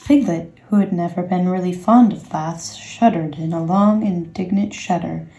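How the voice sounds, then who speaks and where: Mellow woman reading a children's story. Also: lowish voice, normal speed. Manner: gentle, expressive storytelling. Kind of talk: reading a children's book aloud. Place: indoors, workspace. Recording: echoey room, faint music.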